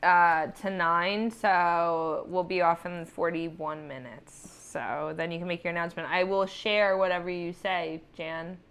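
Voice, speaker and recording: A woman's voice: lowish voice, steady tone, a little slow, few pauses, fairly bright tone, clean tone. Rambling, self-mocking woman comedian host. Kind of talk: casual chat.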